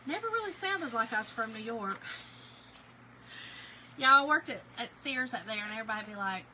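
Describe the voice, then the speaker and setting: Chatty female craft host from Kentucky, bright, slightly high voice, faint room hum. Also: expressive, brisk, rough recording. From Kentucky, USA. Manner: chatty, talks to viewers by name and says y'all. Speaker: craft shop owner hosting a live stream. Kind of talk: casual live chat while crafting.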